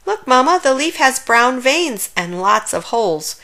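A small storybook bear cub, a boy, squeals and exclaims in a high, bright, bouncing voice, as a woman reads him aloud. He is eager, curious and loves telling riddles. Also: sing-song, unhurried, exaggerated voice. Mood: excited.

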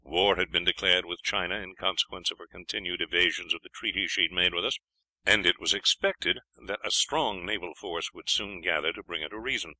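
A man reading a story aloud as an audiobook narrator, in a measured manner. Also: low voice, sharp tone, no room sound, poor audio. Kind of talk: scripted narration.

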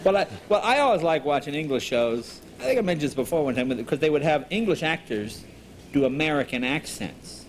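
A man's voice: on the high side, expressive, brisk, a little hiss or hum. A man in his forties hosting a talk show, bantering and joking with a guest. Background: studio audience.

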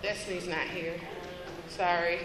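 A woman's voice: fairly low pitch, level tone, a little slow, very noisy. Casual woman emcee in an echoey hall. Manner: casual, hesitant announcing. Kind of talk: event announcements. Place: large school hall with audience. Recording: echoey hall, crowd behind.

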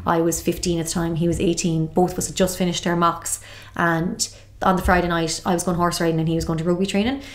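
A woman's voice: on the low side, steady tone, fast. A woman in her thirties from Galway with an Irish accent, openly telling her own story as a podcast guest in a reflective way. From Galway, Ireland. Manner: reflective, open, lots of "like" and "kind of". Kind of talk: candid personal storytelling.

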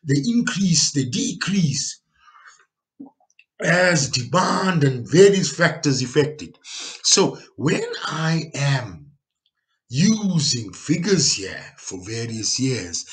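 A man teaching a geography lesson over slides. He checks in often with "okay" and "all right" and pushes key words out loudly. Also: on the high side. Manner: stresses key words with sudden loud pushes.

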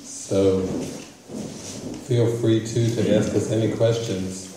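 A man leading a spiritual retreat session, speaking in a gentle, unhurried way with frequent chuckles. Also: lowish voice, level tone, background noise. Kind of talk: casual talk at a retreat. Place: retreat meeting room. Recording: echoey room, voice from far off.

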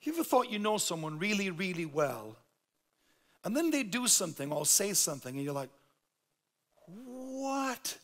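A man's voice: high-pitched, big pitch swings, brisk, a bit bright. A man with a Yorkshire accent preaching a sermon, telling a story with emphatic, humorous delivery. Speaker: pastor.

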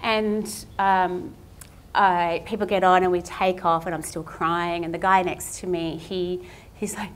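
A woman speaks to an audience about her own art. Her delivery is candid and self-deprecating, in a fairly low voice. Faint background hiss sits under the recording. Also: moderate pace. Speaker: guest artist speaker. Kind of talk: public talk with slides. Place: talk venue at a justice centre.

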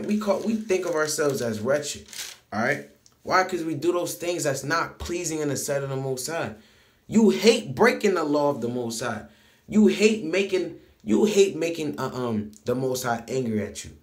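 A man preaching in a casual, emphatic way, repeating phrases for stress and reading verses slowly aloud. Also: medium pitch. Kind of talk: informal scripture teaching.

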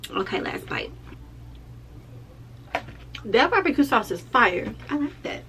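A woman's voice: fairly high pitch, big pitch swings, slow pace, a little hiss or hum. A woman who works as a lash tech, chatting casually and playfully straight to her viewers in a vlog.

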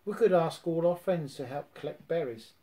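A man's voice: on the high side, normal speed, warm tone, lightly acted. A man reading a storybook, voicing a shy little male piglet who stammers. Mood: timid. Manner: stammering, timid. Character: timid small male piglet, gentle and shy.

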